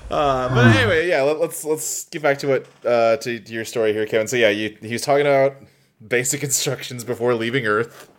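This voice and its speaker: A man hosting a podcast, playful and joking in casual chat. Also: medium pitch. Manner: playful, quick to laugh, nerdy jokes. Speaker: podcast host.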